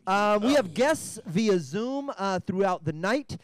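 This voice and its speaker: A man's voice: sits high, expressive, slow, no room sound. A man hosting and teasing his co-hosts in casual chat. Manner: wry teasing interjections. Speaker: podcast host.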